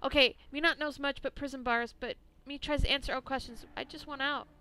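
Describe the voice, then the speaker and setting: Woman putting on a bugbear prisoner voice, talks in broken words, kinda high. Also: fairly even intonation, fairly quick, pushed and bright. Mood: explaining. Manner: broken caveman grammar. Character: captive male bugbear, pleading, broken speech. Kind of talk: reading game dialogue aloud.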